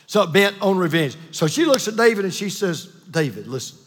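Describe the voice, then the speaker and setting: A man preaching a sermon, telling a Bible story with lively, animated delivery and acting out the characters. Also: high-pitched, fairly quick, in a large hall, a little hiss or hum. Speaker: pastor.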